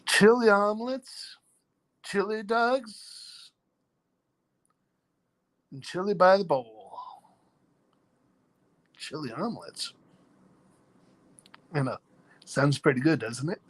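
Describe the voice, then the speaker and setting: A man's voice: on the high side, lively intonation, slow pace, pauses often, fairly bright tone. A man hosting a casual live chat, reading out viewers' names, joking about himself and laughing often. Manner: laughs often between lines. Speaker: live stream host.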